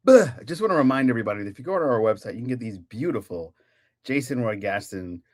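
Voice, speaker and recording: A man hosts a casual live-stream show, his pitch leaping around as he giggles through chat comments. His voice sits at a middle height, playful and loose. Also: fast, slight background noise. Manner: animated, giggly, reads chat comments aloud. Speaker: podcast host.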